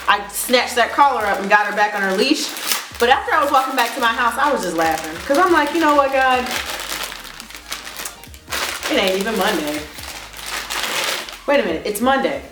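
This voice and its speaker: A woman vlogger telling a story in a casual, animated way, laughing often. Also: a little high, noisy background. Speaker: beauty vlogger. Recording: roomy echo, faint music.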